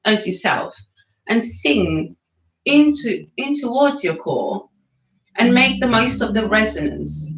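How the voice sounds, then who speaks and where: This English woman's voice sits on the high side and sounds a bit bright. She runs a guided vocal exercise session in an echoey room, chatting, encouraging her class through singing and breathing, and laughing between exercises.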